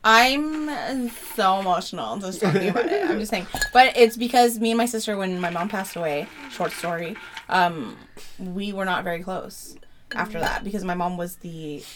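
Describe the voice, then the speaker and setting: A young woman co-hosting a casual podcast, telling stories in an animated way and swearing a lot. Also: medium pitch, moderate pace, background noise. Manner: animated storytelling, heavy swearing. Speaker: podcast co-host. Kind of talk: casual chat.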